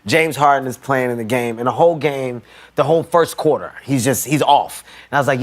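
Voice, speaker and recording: A man on a talk show telling a comic story excitably, laughing as he goes. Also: a little high, brisk, heavy background noise. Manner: excitable, laughing through stories.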